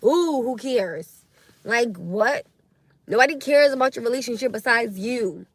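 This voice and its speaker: Young woman ranting bluntly on her livestream, kinda high voice, dry close sound, reacting to chat. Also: expressive, measured pace, dry recording. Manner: blunt, opinionated, reacting to viewer comments. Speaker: livestream host. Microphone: phone or webcam livestream.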